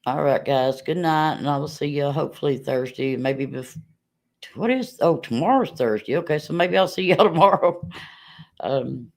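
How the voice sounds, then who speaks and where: A woman's voice: low-pitched, normal speed, vocal fry, a little mellow. A middle-aged woman chatting casually with viewers on a livestream, telling stories and laughing often.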